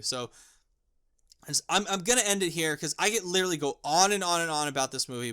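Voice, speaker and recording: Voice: mid-range voice, bright, forceful tone. A film reviewer ranting with exasperation and profanity, repeating words and restarting lines when worked up.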